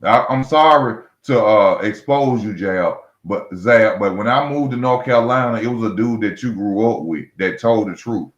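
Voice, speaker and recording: A man's voice: lowish voice, normal speed, hardly any pauses. A man. He is blunt and mocking and hammers each point twice. The room sounds echoey and the audio a little muffled. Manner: blunt, mocking, repetitive, speaks straight to fighters. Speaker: boxing commentary host. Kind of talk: heated solo boxing rant.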